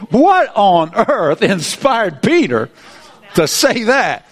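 Male preacher, high lively voice, folksy sermon with chuckles. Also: slow. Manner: animated, folksy, laughing asides.

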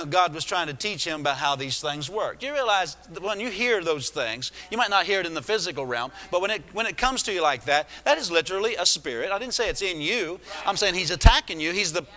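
A man's voice: sits high, expressive, brisk, few pauses, sharp tone. A man preaching a sermon, retelling a story with many restarts and asides. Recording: echoey hall.

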